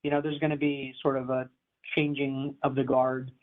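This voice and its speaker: A man speaking as a commercial real estate advisor in a conversational interview, talking in an animated, emphatic, easygoing way. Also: mid-range voice, normal speed. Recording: tinny phone-like line.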